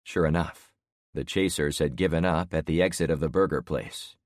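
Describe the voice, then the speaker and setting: Deep-voiced older man narrating. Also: fairly even intonation, moderate pace, no room sound, studio quality. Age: 60s. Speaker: audiobook narrator. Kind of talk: first-person audiobook narration.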